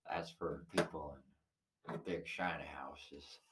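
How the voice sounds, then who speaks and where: A man doing a put-on Southern country cowboy accent, slow and folksy. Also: extremely low pitch, steady tone, a bit bright, slight background noise, pitched below the performer's own voice, heavily acted. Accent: put-on Southern drawl.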